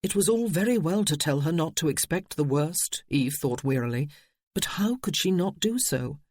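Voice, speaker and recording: A man reading a novel aloud in steady audiobook narration. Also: fairly high pitch, moderate pace.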